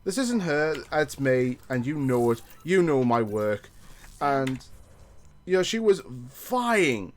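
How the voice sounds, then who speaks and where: A man's voice: a little high, lively intonation, moderate pace. A man streaming a game, telling a story in a ranting, profane way. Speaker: gaming streamer. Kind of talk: casual gameplay chat.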